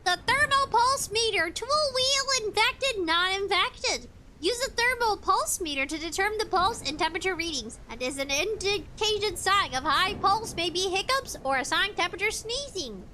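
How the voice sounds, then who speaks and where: A woman streamer with a very high, bright, sharp voice, chatting casually and giggling while she reads the chat and the game's text aloud. A faint room ambience sits underneath. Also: animated, moderate pace, few pauses, slight background noise. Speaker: VTuber streamer.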